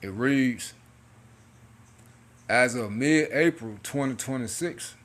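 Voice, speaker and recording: A man's voice: mid-range voice, a little hiss or hum. A man with a mid-range voice talks through news items in a loose, casual way. He reads passages aloud, then riffs on them in a half-joking tone, throwing in plenty of "man" and "hey.". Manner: loose and animated, peppered with 'man' and 'hey'; half-joking, laughing between points. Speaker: religious video commentator.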